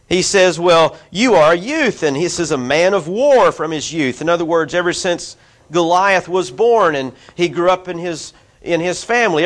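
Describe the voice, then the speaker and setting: A man's voice: on the high side, a bit bright. A man preaching through a Bible passage, reading verses and adding chatty asides to his listeners. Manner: conversational, asides to listeners, voices quoted figures. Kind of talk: expository Bible teaching.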